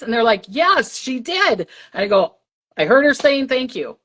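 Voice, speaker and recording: A woman's voice: high-pitched, big pitch swings, normal speed, fairly bright tone, rough recording. An older woman, a psychic medium, chatting casually on a livestream and telling a story, acting out the voices she heard.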